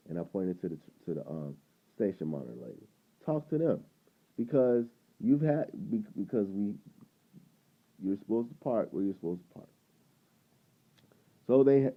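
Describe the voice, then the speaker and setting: A man vlogging, casually retelling a frustrating run-in, rambling and animated, acting out what people said. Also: on the low side. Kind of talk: casual storytelling to camera. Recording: tinny phone-like sound.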